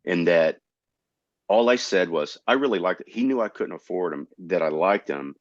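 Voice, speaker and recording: Middle-aged male comedian, low voice, dry and slightly dull recording, animated storyteller. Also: moderate pace, no room sound. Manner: animated, jumps into high voices to act out quotes. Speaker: comedian guest. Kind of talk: storytelling in a casual interview.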